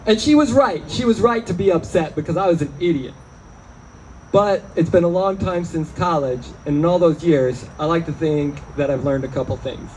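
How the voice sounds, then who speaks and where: A man performing a stand-up comedy set, deadpan and self-mocking, slipping into quoted voices. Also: on the high side, moderate pace, slight background noise, rough recording. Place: small venue, live audience.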